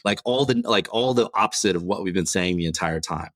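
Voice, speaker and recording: A man with a very deep voice, telling lively stories on a podcast and acting out what people said. The sound is dry and close, with no room echo. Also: brisk. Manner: animated storyteller, acts out quoted dialogue. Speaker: podcast guest, veterans' transition program executive. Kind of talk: casual storytelling interview.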